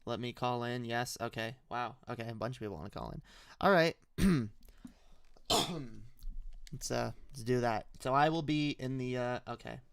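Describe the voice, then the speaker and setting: A man's voice: medium pitch, normal speed, creaky, smooth, dry recording, studio quality. A young man hosting a live stream with call-ins, chatting casually with loose slang, swearing and many restarts.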